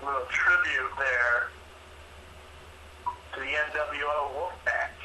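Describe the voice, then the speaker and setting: Man, co-host, casual sports banter, joking, mock-indignant, bright, slightly high voice. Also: slow pace, slight background noise, poor audio. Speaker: co-host of a sports picks show. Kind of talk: casual banter making game picks.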